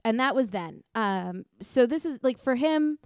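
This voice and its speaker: A woman's voice: on the high side, animated, a little slow, darkish tone, smooth, dry recording, clean studio sound. A young adult woman hosting a podcast, chatting casually, laughing often and restarting her sentences. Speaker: podcast host. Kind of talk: casual chat.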